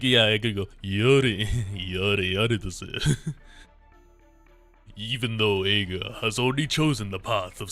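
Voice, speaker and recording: A man's voice: lowish voice, sharp tone. A young man streaming live on a desk mic, chatting casually and self-mockingly, often breaking into giggles as he reads a game story. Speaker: virtual streamer.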